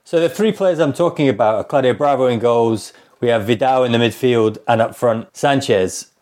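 Measured male podcast host. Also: mid-range voice, a little mellow. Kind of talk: prepared podcast setup.

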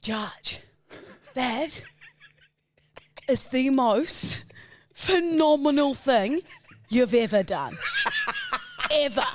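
A young woman, a podcast co-host, reacting excitedly in casual chat. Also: high voice, drawn-out words, pauses often, slight background noise. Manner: excitable and expressive.

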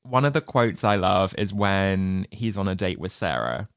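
A woman's voice: a bass voice, expressive, moderate pace, dry recording. Playful woman cohost, voice bounces up and down, dry close sound. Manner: playful, wry, laughs often. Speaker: podcast co-host. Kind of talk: casual chat about a film.

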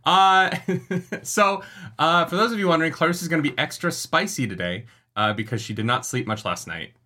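A man's voice: fairly high pitch, normal speed, bright, forceful tone. A man co-hosting a casual book club show, teasing his wife and laughing as he talks. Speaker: podcast co-host. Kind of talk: casual banter.

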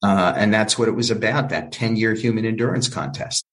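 Animated older man telling a story. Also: on the low side, a little fast, poor audio. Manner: animated storyteller who acts out quoted voices. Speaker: interview guest, film producer. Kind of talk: storytelling in an interview.

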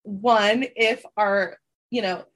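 A woman's voice: mid-range voice, steady tone, slow. A woman co-hosting a gossip podcast, chatting casually and going through her notes. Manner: chatty, reads from notes with laughs. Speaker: podcast co-host.

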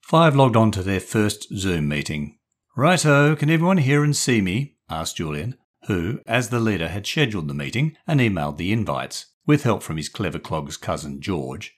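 A man's voice: low-pitched, moderate pace, hardly any pauses. A man, the author, reading a short story aloud and talking about writing it. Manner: lively, expressive. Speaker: author and narrator.

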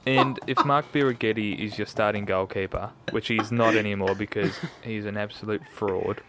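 Blunt young man, low voice. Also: steady tone, moderate pace, noisy background. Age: 20s. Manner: blunt, emphatic opinions. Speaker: podcast co-host. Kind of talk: casual sports chat.

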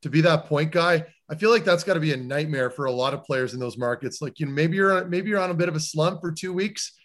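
A man's voice: fairly high pitch, fast talker, a bit bright. A man, a former defenseman, co-hosting a sports podcast and chatting casually with his guest. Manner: easygoing, conversational.

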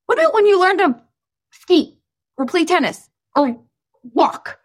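A woman in her thirties coaching listeners in a casual, chatty talk, animated and full of fillers. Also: very high voice, measured pace. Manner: breaks into voices for quotes. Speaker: weight-loss coach.

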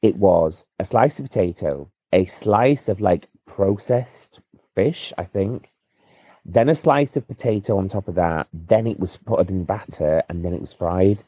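Deep, rambling man on a lo-fi voice note. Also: animated, measured pace, mellow, slightly rough, dry recording. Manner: chatty, rambling, jokey. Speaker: listener sending a voice note. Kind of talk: casual voice note. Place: in bed at home.

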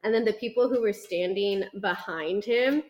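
A woman's voice: mid-range voice, moderate pace, dull audio. Chatty young woman telling a story. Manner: animated storyteller, acts out quoted customers. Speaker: podcast co-host. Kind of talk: casual chat, telling a story. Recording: roomy echo.

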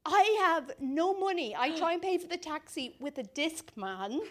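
A high, lively voice from a woman in her thirties, swinging up and down as she tells a funny, self-mocking story. She laughs through her lines as she talks. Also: moderate pace. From Ireland. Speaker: guest storyteller. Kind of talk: comic anecdote on a live podcast.

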